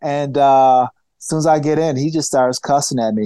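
A man telling stories in a casual interview, animated and full of restarts, acting out the people he quotes. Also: medium pitch, moderate pace, clear, resonant tone, no room sound. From United States. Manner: animated storyteller, acts out quoted voices, restarts often. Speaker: podcast guest, former fighter.

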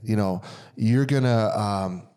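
A man's voice: fairly low pitch, slow, clear, resonant tone. A man co-hosting a casual podcast chat, talking emphatically and repeating words for stress as he tells stories. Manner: animated storytelling. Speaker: podcast co-host.

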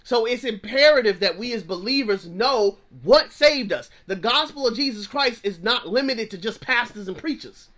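A man's voice: extremely high pitch, lively intonation, moderate pace, few pauses, bright, forceful tone. A man in his thirties, a pastor preaching with fervor, repeating phrases for emphasis and dropping into plain slang. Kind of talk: preaching sermon.

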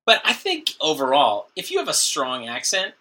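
Bright-voiced man in casual banter. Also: a little high, wildly swooping pitch, moderate pace. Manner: laughing, joking banter. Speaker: podcast co-host. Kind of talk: casual chat.

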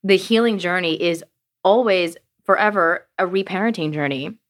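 A woman's voice: fairly low pitch, moderate pace. A woman co-hosting a podcast in casual conversation, speaking candidly and reflectively with frequent "like" fillers. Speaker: podcast co-host.

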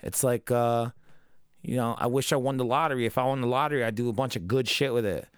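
A man's voice: mid-range voice, steady tone, fast, smooth, dry recording, studio quality. A man hosting a podcast in loose, profane casual chat, full of fillers. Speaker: podcast host.

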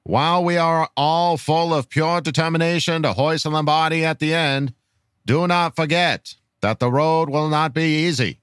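A man's voice: on the high side, normal speed, a bit bright, clean tone, dry recording, studio quality. A man hosting a fan podcast, chatting casually and reading listener messages aloud with mock-grand delivery.

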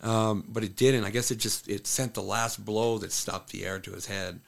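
A man's voice: on the low side, fairly even intonation, normal speed, gravelly. A man, a fighter and trainer, talking casually as an interview guest and telling stories loosely, with lots of "like" and restarts. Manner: loose storytelling with frequent "like" and restarts. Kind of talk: casual sit-down conversation.

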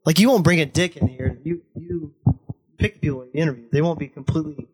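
A man's voice: on the high side, fast talker. A young man in casual chat on a podcast, blunt and pushy, swearing freely as he argues his point. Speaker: podcast guest, host's best friend.

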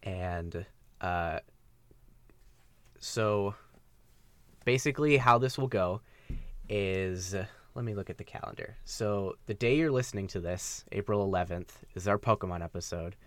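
A man co-hosting a casual gaming podcast, relaxed and full of fillers, laughing often. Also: low voice, unhurried, pauses often, no echo. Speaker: podcast co-host. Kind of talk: casual chat.

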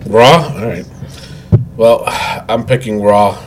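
A man co-hosting a casual wrestling podcast, animated and jokey, laughing often. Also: lowish voice, takes it slowly, very noisy. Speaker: podcast co-host.

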